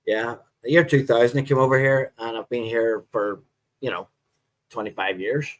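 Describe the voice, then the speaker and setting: A man's voice: medium pitch, normal speed. Chatty Northern Irish man, middle-aged. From Northern Ireland. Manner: relaxed, rambling, chatty with viewers. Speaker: livestream host. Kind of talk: casual live-stream chat.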